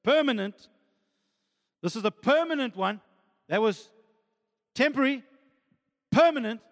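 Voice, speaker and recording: A man's voice: very high-pitched, lively intonation, a little slow, in a large hall. A man preaching a fervent sermon as a pastor, often calling out "friends" and "amen.".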